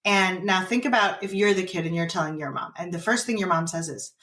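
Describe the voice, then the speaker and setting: A woman's voice: lowish voice, fairly quick, hardly any pauses, fairly bright tone. A woman coaching parents in a podcast conversation, explaining earnestly and acting out what a parent and child might say. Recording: roomy and distant from the mic.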